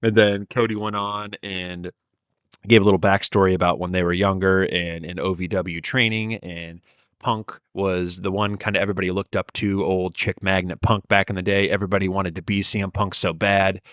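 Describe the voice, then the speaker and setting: A man's voice: low voice, little pitch movement, normal speed, fairly bright tone, smooth, dry recording, lo-fi sound. A man giving a casual, rambling wrestling review, retelling with many fillers and plenty of enthusiasm.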